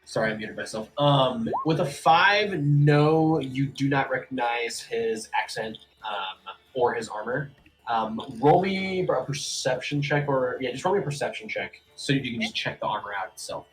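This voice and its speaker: A man running a tabletop game as game master, talking in a relaxed way with many fillers. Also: mid-range voice, moderate pace, soft background music, rough recording.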